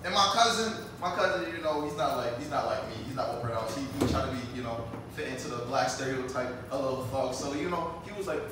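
A man's voice: mid-range voice, animated, fast talker, few pauses, heavy reverb, distant mic, very noisy. A man in his twenties from Jamaica doing a stand-up comedy set, telling stories in a loose, chatty way with lots of fillers. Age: 20s. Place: comedy club stage.

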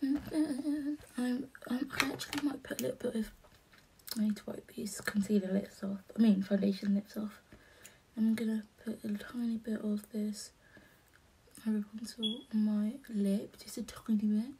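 A young woman vlogging casually as she does her makeup, talking softly and often half-whispering in a chatty way. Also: on the high side, fairly even intonation, normal speed, breathy edge. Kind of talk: casual chat while doing makeup.

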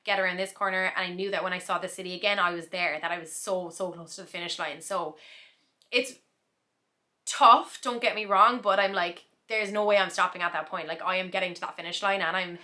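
A woman's voice: lowish voice, fairly even intonation, a little fast, sharp tone. A young woman chatting in a casual vlog, recapping her day in a reflective, talkative way with frequent laughs. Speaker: vlogger.

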